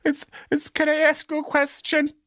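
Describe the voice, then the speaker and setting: A woman playing an earnest, gullible client of a psychic, oversharing in a deadpan way in a comedy sketch. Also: high voice, moderate pace, no room sound, studio quality. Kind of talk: comedy sketch role-play.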